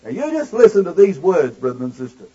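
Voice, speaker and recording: A male preacher delivering a sermon, addressing the congregation directly and slowing down to stress key words. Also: high-pitched, sing-song, warm tone, breathy edge, lo-fi sound.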